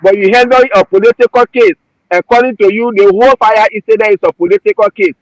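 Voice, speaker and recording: A Liberian-accented man talks politics with heat and feeling, his voice pitched high for a man. He circles back over his points again and again. The sound is close and dry, with no room around it. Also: steady tone, fast, no room sound, poor audio. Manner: emotional, repetitive, heated. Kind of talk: passionate political commentary.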